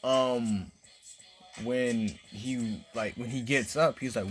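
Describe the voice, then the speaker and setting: A man's voice: mid-range voice, fairly even intonation, takes it slowly, soft background music. Rambling man telling a fan story. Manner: rambling, many filler words. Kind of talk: casual fan-story narration.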